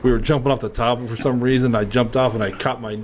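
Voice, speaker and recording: A man's voice: mid-range voice, flat delivery, fast talker, crowd noise. A man co-hosting a podcast, chatting casually and often laughing as he jokes. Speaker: podcast co-host. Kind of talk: casual chat.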